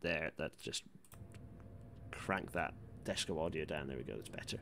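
A man hosting a casual livestream. He reads the chat aloud, rambles with many restarts, and breaks into excited outbursts. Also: extremely low pitch, moderate pace, vocal fry, noisy background. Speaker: live-stream host reading chat. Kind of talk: casual live-stream commentary.

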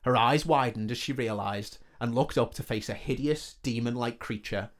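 A man's voice: mid-range voice, normal speed. A man reading a comedic fantasy story aloud in a joking manner. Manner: joking, laughs between lines.

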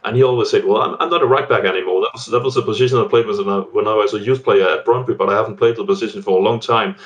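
A man's voice: fairly low pitch, steady tone, rapid-fire. A man from Denmark, a guest pundit talking football, often restarting and repeating words. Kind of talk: casual football discussion.

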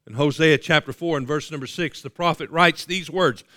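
A man preaching a sermon as pastor, with a dramatic delivery that swells loud and drops to a hush. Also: on the high side, moderate pace, no echo, studio quality.

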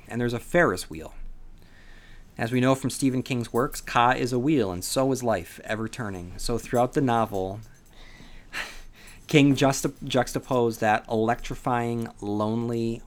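A sleepy man hosting a podcast from home, talking casually about a book with lots of fillers and restarts. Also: mid-range voice. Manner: rambling, many fillers and restarts. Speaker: podcast host. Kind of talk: casual solo book discussion. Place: home on a rainy day.

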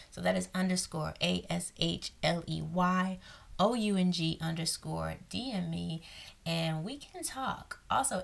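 A woman's voice: fairly low pitch, vocal fry. A young woman coach giving an earnest faith-based talk to women, repeating phrases and dropping into whispers for emphasis.

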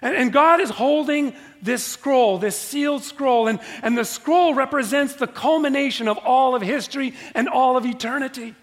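A man preaches in a church with a very high-pitched voice. He drives his points home by repeating key phrases and pausing for effect. The sound rings with the long reverb of a church hall. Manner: emphatic, repeats key phrases with dramatic pauses. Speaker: pastor. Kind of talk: sermon.

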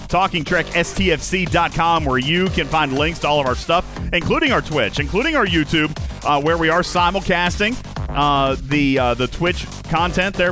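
A man hosting a casual podcast livestream, playful and hyping up his audience. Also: fairly high pitch. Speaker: podcast host.

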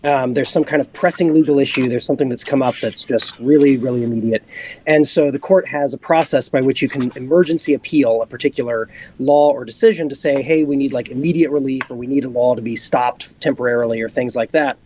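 A man with a mid-pitched, everyday voice explains things patiently as a podcast guest. He leans on frequent ums and slips into quick acted-out quotes to make his points. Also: darkish tone, slight background noise. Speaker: guest explaining a legal topic. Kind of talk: casual explanatory podcast talk.

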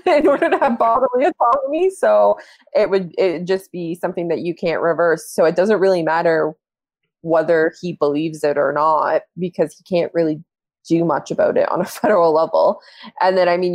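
Female podcast co-host, low voice, dry close mic, relaxed with easy laughs. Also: dry recording. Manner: relaxed, laughs between points. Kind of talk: casual political chat.

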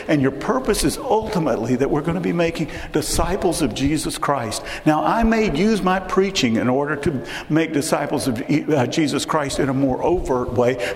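A man preaching a sermon as pastor, speaking earnestly and directly to the congregation and repeating phrases for emphasis. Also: fairly high pitch. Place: church sanctuary. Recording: echoey hall with long reverb, faint hiss.

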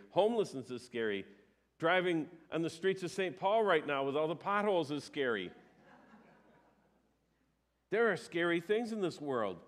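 A male pastor giving a sermon. He talks in a conversational way, with emphatic rises and some hesitations. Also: fairly high pitch.

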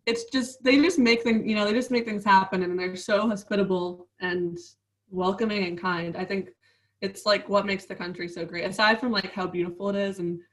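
A woman's voice: medium pitch, steady tone, a little fast, distant mic, low-quality recording. A woman in her twenties, a professional basketball player, chatting casually as an interview guest with many fillers and frequent laughs.

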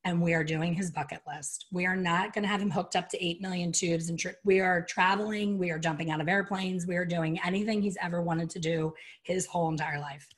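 Middle-aged woman, low-pitched, animated, candid storyteller, interview guest. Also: brisk, hardly any pauses. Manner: animated, candid, acts out quoted voices.

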